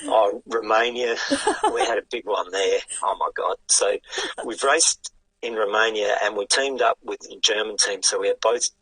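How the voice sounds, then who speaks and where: An older man with an Australian accent, a guest telling a story in a lively, casual way and swearing freely. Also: fairly low pitch, normal speed, husky, dry recording, poor audio. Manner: animated yarn-spinning with casual swearing. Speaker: guest, retired sidecarcross racer.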